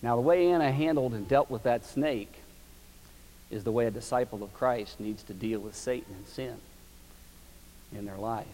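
A man's voice: mid-range voice, normal speed, long pauses, warm tone, long reverb tail, rough recording. A man preaching a sermon as pastor, telling stories in a folksy, emphatic way.

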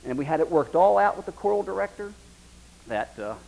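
A man's voice: high voice, sing-song, a little fast, gravelly, darkish tone, rough recording. A middle-aged man, preaching a sermon in an emphatic, conversational way with frequent restarts.

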